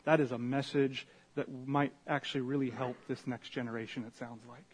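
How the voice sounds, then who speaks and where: A pastor giving a casual, conversational sermon, retelling scripture with animated asides and questions to the congregation. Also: male voice, mid-range voice, fairly quick.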